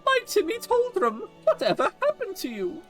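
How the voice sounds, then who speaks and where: A man's voice: very high-pitched, wildly swooping pitch, fairly bright tone, faint music behind, voice pushed up, full character voice. A man doing a cooing, doting old lady. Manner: cooing, slow and sweet. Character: doting elderly woman fussing over her cat.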